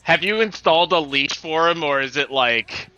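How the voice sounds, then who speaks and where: A man playing a tabletop role-playing game, describing his character's actions in halting, restarting speech. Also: fairly high pitch, expressive, sharp tone, dry recording, low-quality recording. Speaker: player. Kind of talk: casual play chat.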